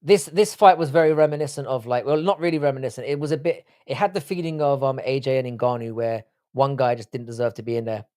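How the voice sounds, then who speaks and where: A man's voice: medium pitch, quick pace, hardly any pauses, darkish tone. A man with a London accent hosting a live stream, chatting casually and bantering with the viewers in a profane, joking way. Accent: London English. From England.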